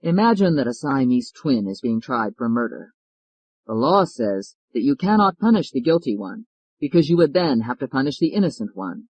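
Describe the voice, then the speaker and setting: A hoarse, feverish defense lawyer, voiced by a male audiobook narrator, low and strained yet pressing on. The voice sounds dry and close, with no room around it, and it pitches a little lower than the narration. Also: big pitch swings, moderate pace, a little mellow, no echo, rough recording. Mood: earnest.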